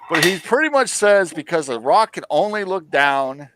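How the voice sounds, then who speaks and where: A man hosting a casual review chat, animated and ranting, swearing freely. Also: fairly high pitch, normal speed, background noise. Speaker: host.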